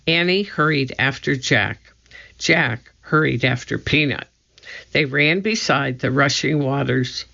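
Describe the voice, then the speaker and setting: A narrator giving an expressive, measured reading of a children's storybook. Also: medium pitch, creaky. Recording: dull lo-fi recording.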